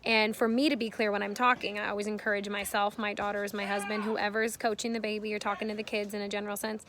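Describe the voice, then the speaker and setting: A woman's voice: mid-range voice, little pitch movement, fast, fairly bright tone, a little hiss or hum. A woman in her thirties giving earnest parenting advice to camera, explaining at length in a casual way. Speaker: parenting vlogger.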